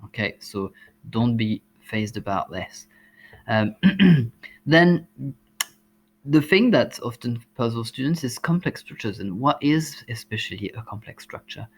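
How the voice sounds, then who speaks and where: A man's voice: medium pitch, expressive, a little slow. A man with a French accent, a language teacher giving exam tips, explaining step by step with frequent ums and uhs.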